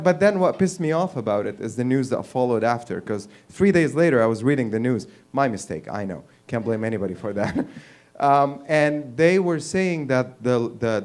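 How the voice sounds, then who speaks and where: A man hosting an open mic, his voice sitting in an ordinary middle pitch. He rambles through a topical bit, restarting sentences and chuckling at his own jokes. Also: animated, moderate pace, hardly any pauses, a little mellow. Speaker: host. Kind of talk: stand-up comedy and hosting. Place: small comedy venue with audience.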